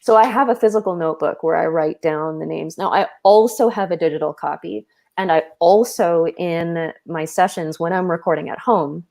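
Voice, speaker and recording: A woman's voice: on the low side, normal speed, vocal fry, a little mellow. A woman audiobook narrator on a panel, explaining her process earnestly with many fillers over a video call. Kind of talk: casual panel talk.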